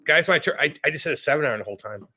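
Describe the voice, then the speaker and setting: Profane, animated man telling stories. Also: on the high side, racing, breathy edge. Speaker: podcast co-host. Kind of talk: casual chat.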